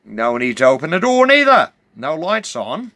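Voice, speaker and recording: A man's voice: a little high, very animated, moderate pace, pushed and bright, dry recording. A middle-aged man telling a rambling comic yarn, stammering and full of hesitations. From New Zealand. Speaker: storyteller.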